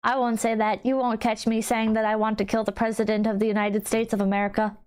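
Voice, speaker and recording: Blunt, wry woman streamer, voice on the high side. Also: level tone, fast, darkish tone, smooth. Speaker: streamer reading chat. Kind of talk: casual livestream chat.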